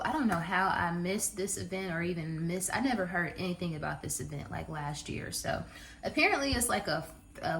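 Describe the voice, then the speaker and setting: A young woman chatting casually in her vlog, excitable and quick to squeal and gasp. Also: mid-range voice, a little hiss or hum. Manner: chatty and excitable, squeals and gasps when thrilled. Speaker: vlogger.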